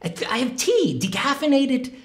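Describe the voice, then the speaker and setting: A man doing a squeaky, flustered host. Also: very animated, moderate pace. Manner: stammering, nervous, hesitant. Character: flustered timid man welcoming a guest.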